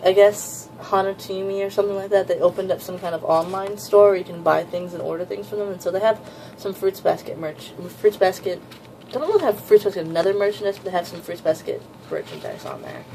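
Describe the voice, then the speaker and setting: A woman chatting casually as she pages through a new manga volume, rambling and gushing with excitement, with a slightly sore throat. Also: mid-range voice, a little fast, vocal fry, a little hiss or hum, rough recording. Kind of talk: casual unboxing chat.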